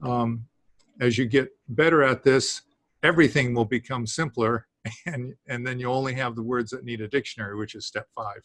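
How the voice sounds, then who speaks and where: A man teaching a beginners' language class, talking haltingly with many fillers and small laughs. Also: mid-range voice, steady tone, fairly bright tone, no echo. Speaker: Greek teacher. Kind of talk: classroom lesson.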